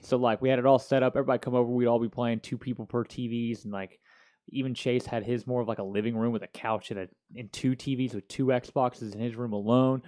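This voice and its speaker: A man in his thirties spins a story on his casual talk show, loose and full of slang. His voice sits at an ordinary middle pitch, with a relaxed, chatty delivery. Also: fast talker. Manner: slangy, animated, peppered with "dude" and "yo". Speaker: podcast host.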